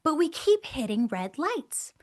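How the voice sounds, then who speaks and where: A middle-aged woman, a guest on the show, telling a personal story in a lively way, laughing often and acting out the voices she quotes. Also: high voice, a little slow. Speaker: guest, angel communicator.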